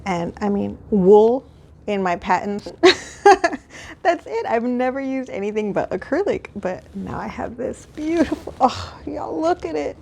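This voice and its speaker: A woman from Texas, hosting her podcast in a casual solo chat. She gushes excitedly and pokes fun at herself as she talks. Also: a little high, measured pace, vocal fry. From Houston, Texas. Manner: excitable, gushing, self-mocking. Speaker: podcast host.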